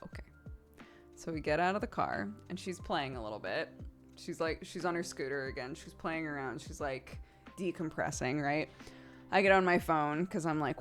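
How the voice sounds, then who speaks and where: A woman streamer telling a story in casual chat, animated and full of acted-out quotes. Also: deep voice, moderate pace, soft background music.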